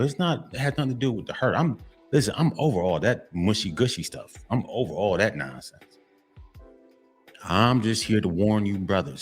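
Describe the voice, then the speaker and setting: A man's voice: lowish voice, sing-song, moderate pace, faint music behind. A man giving a preachy, emphatic monologue to men, repeating himself and addressing them again and again. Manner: emphatic, repetitive, keeps saying gentlemen. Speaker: motivational vlogger.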